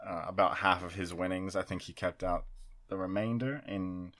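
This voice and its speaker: A man's voice: deep voice, fairly even intonation, moderate pace, crowd noise. A man co-hosting a podcast, telling a story in casual chat with frequent laughter. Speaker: podcast co-host.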